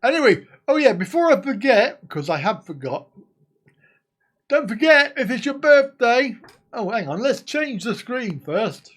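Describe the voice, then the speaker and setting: Chatty man with a lively voice. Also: very high-pitched, unhurried. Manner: chatty, laughs often, answers viewer comments. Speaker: live stream host. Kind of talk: casual live stream chat.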